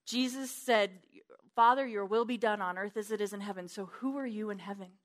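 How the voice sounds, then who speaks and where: A woman preaching a sermon in a church, fervent and emphatic, swinging between loud declarations and hushed asides. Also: medium pitch, fairly quick.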